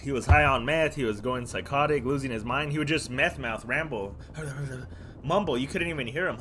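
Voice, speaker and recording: A man's voice: medium pitch, a little fast, noisy background. A man live-streaming a game while ranting casually, swearing freely and tacking "dude" or "bro" onto nearly every phrase in a mocking, scornful tone. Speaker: gaming streamer.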